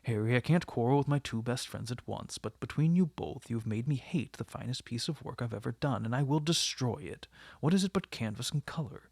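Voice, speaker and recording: A man reading the part of an earnest, devoted male painter who pleads with a friend, in a gravelly voice. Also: medium pitch, a little fast, darkish tone, no room sound, studio quality.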